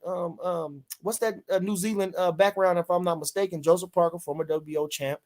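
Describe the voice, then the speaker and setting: A man's voice: sits high, fairly even intonation, brisk, a little mellow. An older man, hosting a casual live boxing stream in a rambling way, full of fillers, reading out chat comments. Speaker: podcast host.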